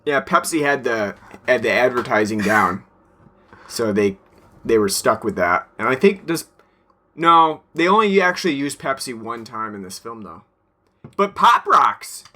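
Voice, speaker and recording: A man's voice: mid-range voice, big pitch swings, unhurried, bright, forceful tone. A young man co-hosting a podcast, chatting casually, rambling with fillers and laughing often. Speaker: podcast co-host. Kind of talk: casual chat.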